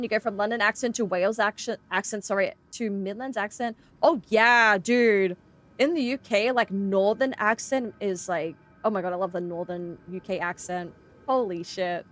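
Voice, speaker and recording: A young Australian woman streaming a horror game, chatting excitedly with her viewers. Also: medium pitch. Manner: chatty, excitable, greets chat. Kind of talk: casual gameplay stream chat.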